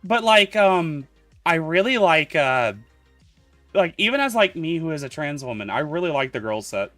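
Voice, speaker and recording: A woman's voice: low voice, very animated, moderate pace, fairly bright tone, no room sound, faint music behind. A trans woman streamer chatting casually with friends, joking and rambling with lots of fillers. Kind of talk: casual group chat.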